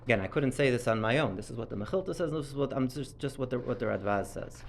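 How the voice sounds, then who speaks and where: A man's voice: mid-range voice, expressive, brisk, long pauses, a bit bright, a little hiss or hum. A man giving a sermon-style Torah talk at a synagogue event, telling the story emphatically and acting out the quotes with rising intensity.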